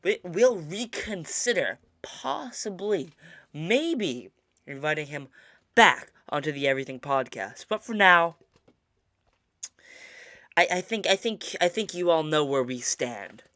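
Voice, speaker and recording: A man's voice: a little high, expressive, a little slow, pauses often, bright, forceful tone, dry recording. Male co-host, casual chat, frequent restarts, dry studio sound. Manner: stammering restarts, mock-serious indignation. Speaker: podcast co-host.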